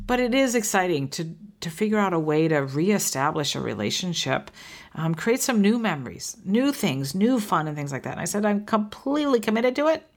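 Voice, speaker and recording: A woman in her fifties hosting a podcast, talking earnestly and from the heart in a reflective monologue. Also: on the low side. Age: 50s. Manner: earnest and heartfelt, with frequent restarts and fillers. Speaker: podcast host.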